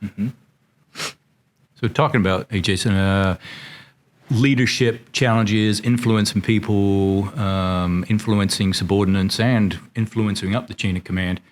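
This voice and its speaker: A man, a chaplain hosting a podcast, asking measured questions with hesitant fillers. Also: lowish voice, fairly even intonation. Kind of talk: interview questions.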